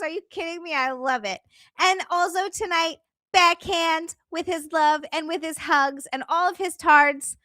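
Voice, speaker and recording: Bubbly, bright-voiced woman streamer. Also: extremely high pitch, no room sound, clean studio sound. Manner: bubbly and effusive, giggly, chatty asides while navigating settings. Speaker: livestream host. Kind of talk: casual livestream chat, thanking viewers.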